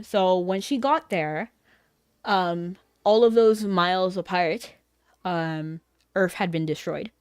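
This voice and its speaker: Woman, game streamer, casual chat with viewers, rambling, quick to laugh, dry close sound. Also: lowish voice, dry recording.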